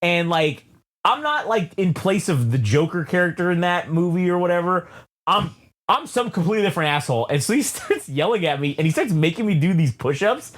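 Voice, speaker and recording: A man's voice: high-pitched, animated, brisk, a bit bright. A man co-hosting a podcast, telling a rambling, profane story with constant swearing and restarts. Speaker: podcast co-host. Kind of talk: profane, rambling casual chat.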